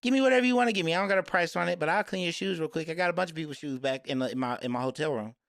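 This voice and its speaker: Man, podcast co-host, gravelly voice, bright tone, animated rambling storytelling. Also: fairly high pitch, racing. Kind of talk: casual chat.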